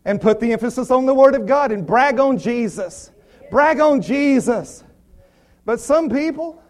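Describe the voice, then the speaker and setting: A man's voice: extremely high pitch, animated, unhurried. A man preaching a sermon, repeating phrases and building to emphatic declarations. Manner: repetitive, rising to emphatic declarations.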